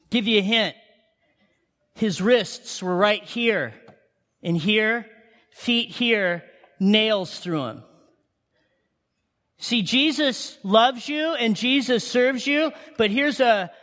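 A man preaching a sermon, animated, with rhetorical questions, sudden shouts and hushed asides. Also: very high-pitched. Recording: long hall reverb.

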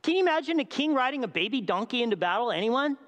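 A man preaching a sermon, animated, asking the crowd questions and acting out scenes. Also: extremely high pitch, fast talker. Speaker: pastor. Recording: long hall reverb.

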